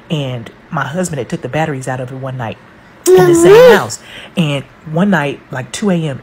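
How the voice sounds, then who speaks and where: A mother telling a spooky family story to camera, animated and dramatic, dropping to hushed tones and rising again. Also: very deep voice, slight background noise, poor audio. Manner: animated, dramatic, swings between hushed and loud.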